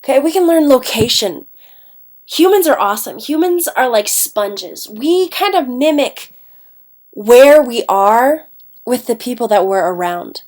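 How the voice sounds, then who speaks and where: A woman's voice: a little high, lively intonation, unhurried, a little mellow. A woman from Ohio, an English teacher, giving a recorded class lecture with a stuffed-up nose, chatty and often checking in with "okay?". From Ohio, United States.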